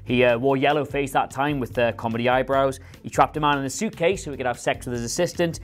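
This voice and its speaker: A man's voice: medium pitch, fairly even intonation, quick pace, soft background music. A man dryly rattling off a prepared list of complaints in a casual panel chat. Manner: dry, rattles off a prepared list with filler uhs. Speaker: regular panelist.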